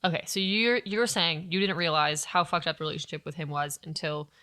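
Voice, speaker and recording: Woman co-host, low pitch, bright tone, affirming and reflective. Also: fairly even intonation, a little fast. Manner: affirming, sums up and reflects back. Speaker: podcast co-host. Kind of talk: casual supportive chat.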